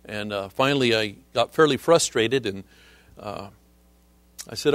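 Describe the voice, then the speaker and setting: A middle-aged man preaching a sermon as a visiting missionary, earnest and measured, often quoting scripture. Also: fairly low pitch, dry recording.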